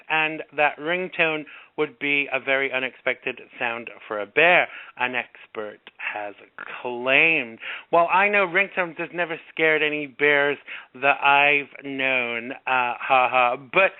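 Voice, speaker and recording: A man's voice: a little high, smooth, dry recording. A male radio host chatting casually and jokily, often restarting his sentences, heard over a tinny phone line. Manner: hesitant, lots of restarts, jokey. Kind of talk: casual talk-radio chat.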